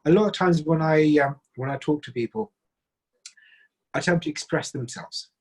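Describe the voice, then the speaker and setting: A man speaks at a relationship seminar with a slightly husky voice. He is earnest and emphatic and sets out his advice in short, listed phrases. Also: a little high, moderate pace, darkish tone, low-quality recording. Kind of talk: seminar talk.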